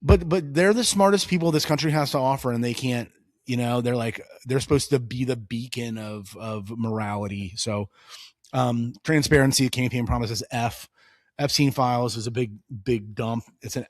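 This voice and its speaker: A man's voice: mid-range voice, moderate pace, no echo, studio quality. A man in his thirties co-hosting a casual political podcast, telling stories with lots of energy and acting out the dialogue. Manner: animated storytelling, acts out dialogue. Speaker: podcast co-host.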